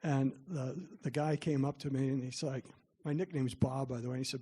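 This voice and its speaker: A man's voice: mid-range voice, steady tone, fairly quick, warm tone, breathy edge. A middle-aged man giving a parent workshop, telling chatty, self-deprecating stories to the room. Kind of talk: storytelling talk to parents.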